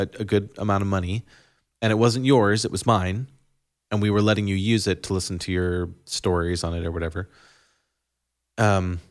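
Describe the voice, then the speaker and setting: A man with a lowish voice chats casually as a podcast co-host, talking about his kids. He rambles a bit, restarts his sentences and laughs often. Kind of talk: casual conversation about parenting.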